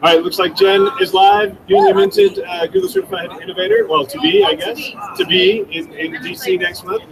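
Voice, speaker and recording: A man's voice: high voice, sing-song, normal speed, vocal fry. A man hosting a live conference session, introducing the next speaker in a casual, upbeat way. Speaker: event host. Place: busy conference floor. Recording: far from mic, noisy crowd behind.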